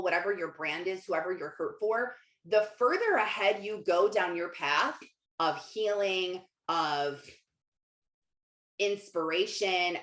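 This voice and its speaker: Chatty woman coach in an echoey room. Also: medium pitch. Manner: chatty, animated, acts out her own inner voice in quick asides; frequent filler "like". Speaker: life coach and podcast host. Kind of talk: casual motivational talk.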